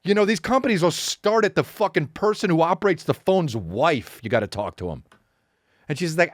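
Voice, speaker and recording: A man in his forties, a podcast host telling a comedic story as a profane, animated rant full of acted-out voices. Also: a little high, normal speed, no room sound, studio quality.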